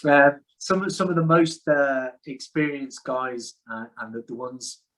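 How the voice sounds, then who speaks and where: A middle-aged man talks in a loose, candid way, restarting his sentences and swearing now and then. His voice sits at an ordinary middle pitch for a man. He is speaking outdoors. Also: a little slow, a bit bright, a little hiss or hum, poor audio. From United Kingdom. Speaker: podcast guest. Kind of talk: casual conversation. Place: outdoors in the sun.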